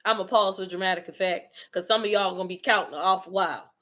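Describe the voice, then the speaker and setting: A woman's voice: medium pitch, steady tone, fast talker, bright, forceful tone. A woman giving a fiery motivational monologue, blunt and profane, calling out her listeners directly and preaching tough love. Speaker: motivational speaker.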